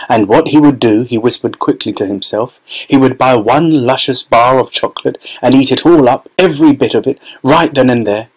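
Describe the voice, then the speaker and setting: A man narrating a children's novel as an audiobook in a steady, expressive storytelling voice. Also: medium pitch, rough recording. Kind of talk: scripted narration.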